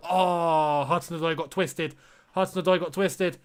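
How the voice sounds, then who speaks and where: A man's voice: high-pitched, steady tone, moderate pace, smooth. A young man hosting a live football watchalong, reacting with exasperation and disbelief and talking straight to his viewers. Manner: exasperated, incredulous, talks to viewers as lads. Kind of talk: live match reaction and commentary.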